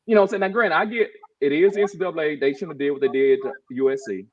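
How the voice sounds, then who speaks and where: Fired-up high-voiced man ranting. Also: fairly even intonation, fast. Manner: fired up, emphatic, says bro and y'all often. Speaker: podcast co-host. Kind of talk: heated sports talk rant. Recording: dull lo-fi audio.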